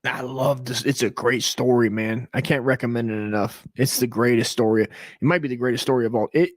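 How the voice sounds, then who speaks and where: A man's voice: mid-range voice, brisk. Rambling, profane man in his forties. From United States. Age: 40s. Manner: rambling, profane, excitable, restarts often. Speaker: comedy stream host. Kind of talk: rambling profane comic monologue.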